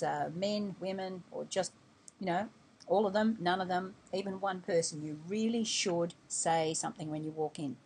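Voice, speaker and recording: Woman, lowish mellow voice, instructional travel tips voice-over, patient, faint noise behind. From Australia. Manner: patient, explaining step by step. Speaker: travel website host.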